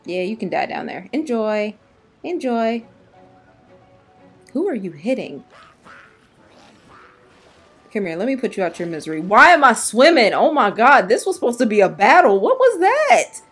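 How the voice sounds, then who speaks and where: A tired woman with a hoarse voice, chatting casually and exclaiming to herself as she plays a video game. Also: medium pitch, very animated, normal speed, a bit bright, soft background music. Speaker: gaming YouTuber. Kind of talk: casual gameplay commentary.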